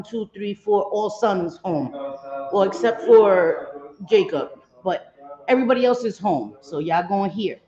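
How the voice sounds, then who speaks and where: Slow-talking chatty woman livestreaming. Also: mid-range voice, mellow. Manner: chatty, greets viewers by name. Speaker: livestream host. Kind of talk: casual livestream chat. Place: home. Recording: slightly dull livestream audio.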